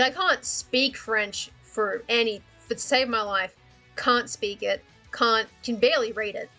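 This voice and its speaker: A woman's voice: on the high side, bright, forceful tone. A woman livestreaming casually, rambling and thinking aloud with frequent laughter. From Australia. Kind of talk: casual livestream chat about worldbuilding.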